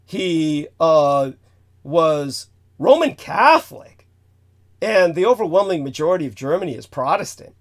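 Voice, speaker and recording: A man hosts a talk show, his voice sitting a little higher than most men's. He lectures at length in a rambling, emphatic way, often breaking off into side remarks. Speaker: host.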